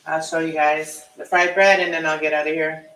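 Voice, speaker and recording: A man's voice: on the high side, flat delivery, fairly quick, sharp tone. Chatty man cooking, camera far off. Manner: rambling, self-correcting, chatty. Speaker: cooking vlogger. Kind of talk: casual live-stream chat while cooking. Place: home kitchen. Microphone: camera set away from the stove. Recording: echoey kitchen, distant camera mic, faint noise.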